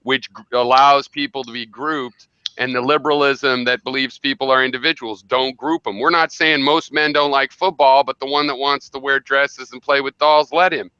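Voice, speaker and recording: Insistent man with a bright voice. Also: medium pitch, steady tone, moderate pace, smooth, dry recording. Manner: insistent, explains with long restarts. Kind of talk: political discussion. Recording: dull, dry lo-fi recording.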